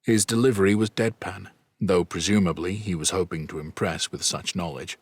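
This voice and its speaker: Deep-voiced man narrating a fantasy audiobook. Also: steady tone, normal speed, breathy edge, no echo. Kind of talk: scripted narration.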